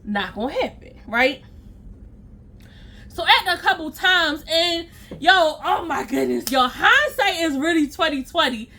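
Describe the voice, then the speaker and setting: A young adult woman tells a story to her viewers in a high, bright voice. She talks in casual slang and laughs at her own past mistakes. The sound is close and direct. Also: a little slow, slight background noise. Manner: animated, slangy, laughs at herself. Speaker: storytime vlogger.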